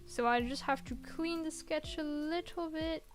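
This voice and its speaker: A woman's voice: high voice, a little slow, over music. A woman streamer chatting casually while she works, reading out viewers' messages and answering them encouragingly. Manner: soft-spoken, reads chat aloud, encouraging. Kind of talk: casual chat while working.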